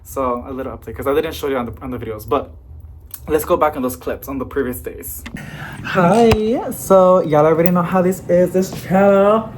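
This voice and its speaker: A young adult plant vlogger at home, chatting casually and rambling, with sudden excited squeals. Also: mid-range voice, normal speed, a little hiss or hum. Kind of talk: casual vlog chat. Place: home among houseplants.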